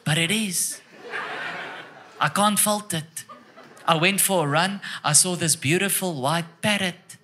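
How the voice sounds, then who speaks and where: South african guy doing stand-up, high bright voice, jumps all over in pitch. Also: unhurried, pauses often. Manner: animated, storytelling with bursts of shouting. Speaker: stand-up comedian. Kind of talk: stand-up comedy routine. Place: comedy club stage.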